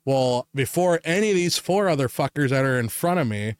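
A young man in a casual podcast chat, swearing freely and laughing as he tells his stories. His voice sits at an ordinary pitch. The recording is close and dry. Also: a little fast, clear, resonant tone, no room sound. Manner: swears a lot, laughs often, animated storytelling. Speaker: podcast co-host.

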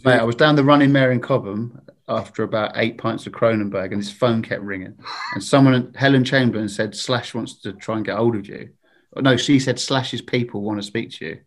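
A man's voice: mid-range voice, fairly quick. Rambling man telling pub stories. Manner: rambling, animated, laughs through stories. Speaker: podcast guest, former football show presenter. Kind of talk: casual storytelling chat.

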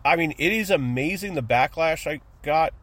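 A man's voice: a little high, lively intonation, normal speed, fairly bright tone. A man hosting a casual podcast, ranting sarcastically and with lots of profanity. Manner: profane, sarcastic, acts out mocking voices. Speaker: podcast host.

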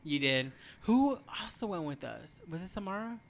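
A woman's voice: moderate pace, creaky. A woman co-hosting a podcast in casual chat, a chatty, jokey storyteller. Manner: chatty storyteller, jokey, animated pitch jumps. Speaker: podcast co-host.

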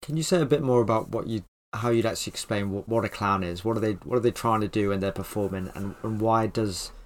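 A male podcast host asking questions in a fairly low voice. He circles back and restarts his phrasing as he works toward the point. The tone is plain and conversational. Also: fast. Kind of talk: interview questions.

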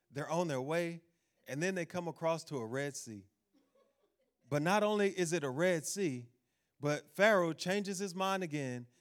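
A man with a high-pitched voice delivers a sermon as pastor. He preaches animatedly, turning to speak to the people watching online. He reads scripture out loud with strong emphasis.

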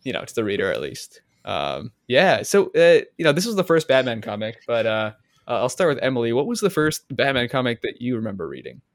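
A man co-hosting a podcast in casual chat, relaxed, with many fillers, often trailing off. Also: mid-range voice, brisk, creaky. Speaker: podcast co-host.

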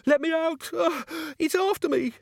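A man's voice: sits high, lively intonation, normal speed, no echo, clean studio sound, voice pushed up. A man voicing a frightened male thug who stammers and quavers with dread. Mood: panicked. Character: terrified jittery male thug haunted by a childhood fear.

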